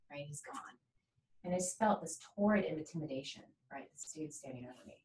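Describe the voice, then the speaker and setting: A woman hosting a talk show, telling a candid and emotional personal story and often checking in with "right?". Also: mid-range voice. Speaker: podcast host. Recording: echoey room, mic at a distance, faint noise.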